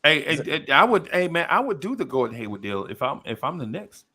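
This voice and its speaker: A man co-hosting a fan podcast, making his case with lots of restarts and animated pushing. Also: on the high side, a little fast, crowd noise. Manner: animated, stammering restarts, argues his point. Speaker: podcast co-host. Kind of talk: casual sports chat.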